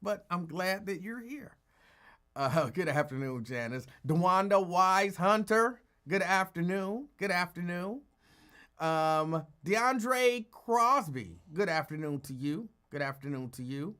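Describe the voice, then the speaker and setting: A tired man hosting a casual live talk show, greeting listeners by name and talking in a calm, rambling way. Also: fairly high pitch, a little slow. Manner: calm, holding back from yelling. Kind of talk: casual live-stream chat.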